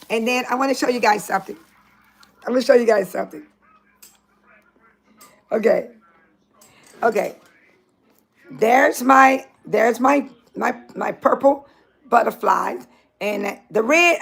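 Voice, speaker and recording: Gravelly, husky older woman chatting. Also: on the high side. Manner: chatty, laughs often, talks to viewers by name. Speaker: vlogger on a live stream. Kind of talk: casual live-stream chat.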